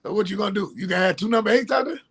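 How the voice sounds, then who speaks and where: Husky, bright-voiced man co-hosting sports talk. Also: high-pitched, lively intonation, very fast. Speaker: sports talk show co-host. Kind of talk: casual sports chat.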